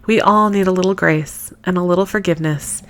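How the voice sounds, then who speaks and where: A woman's voice: fairly low pitch, a little fast. A woman in her thirties hosting a solo podcast, talking frankly and earnestly, swearing casually and laughing easily. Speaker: podcast host. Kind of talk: candid solo podcast monologue.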